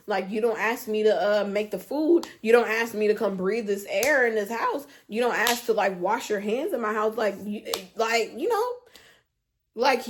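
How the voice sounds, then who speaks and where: Young adult woman, vlogger, storytime, animated, slangy, exasperated. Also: medium pitch. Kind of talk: storytime vlog.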